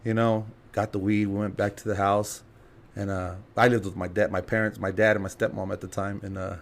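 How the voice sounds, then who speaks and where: A man telling a story as a podcast guest, casual and animated, laughing and acting out other people's lines. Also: fairly low pitch, fairly quick. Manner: animated, laughing, acts out quotes.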